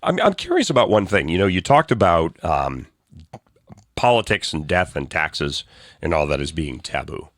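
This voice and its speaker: A man co-hosting a political talk show, ranting in a blunt and sarcastic way and often restarting his sentences. His voice is very deep but jumps around widely in pitch. The sound is dry and close. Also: sing-song, normal speed, fairly bright tone, dry recording. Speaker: co-host.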